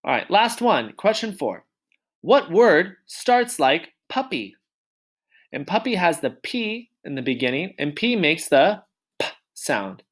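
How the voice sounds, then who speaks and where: A male teacher giving a children's reading lesson, sounding out letters slowly and with exaggeration, and praising often. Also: on the high side, big pitch swings, a bit bright.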